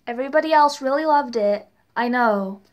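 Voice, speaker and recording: Chatty high-voiced young woman. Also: moderate pace. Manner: chatty, leans heavily on "really". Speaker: TV review vlogger. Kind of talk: casual review vlog.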